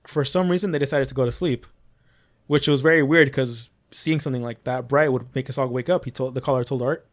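Male podcast host, middle-pitched, casual storyteller reading eerie reports. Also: fairly quick. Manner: reads stories aloud with small slips and restarts.

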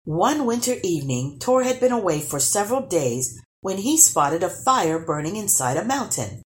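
A woman reading a children's storybook aloud, expressive and lively. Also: on the low side, moderate pace. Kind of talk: storybook read-aloud narration.

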